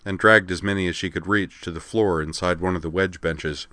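Man, narrator, very deep, steady, dry close recording. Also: a little fast, no room sound. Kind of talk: scripted narration.

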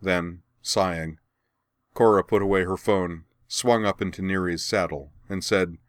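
A man narrating an audiobook of fan fiction in a steady, even storytelling manner. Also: deep voice, measured pace, no echo, studio quality.

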